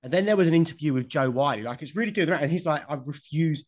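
A man's voice: fairly high pitch, lively intonation, racing. A man hosting a podcast in casual chat, blunt and swearing freely. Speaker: podcast host.

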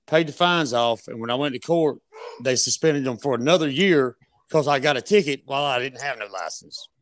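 A man's voice: medium pitch, fairly quick, fairly bright tone, no echo, clean studio sound. A man, talking casually and profanely on a podcast.

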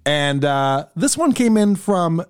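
A man hosting another podcast, talking in fast, mocking, casual banter in a clip that is played back. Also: fairly high pitch, big pitch swings, clean tone. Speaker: podcast host.

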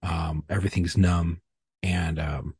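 Guest, male, low and very husky voice, rambling profane storyteller, laughs at himself, dry close mic. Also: steady tone, slow pace, darkish tone, dry recording. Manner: profane, rambling, self-deprecating. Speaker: podcast guest. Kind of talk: casual storytelling.

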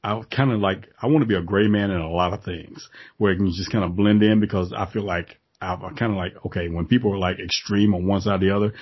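A laid-back man with a low, husky voice chats casually and laughs easily. He tells stories at an even, calm keel. The recording sounds dull and lo-fi. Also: quick pace, hardly any pauses. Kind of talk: casual conversation.

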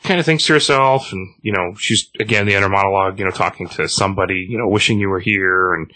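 A man's voice: sits low, fast talker, sharp tone, no echo. A man hosting a podcast, recapping a comic book casually, rambling with many fillers and restarts.

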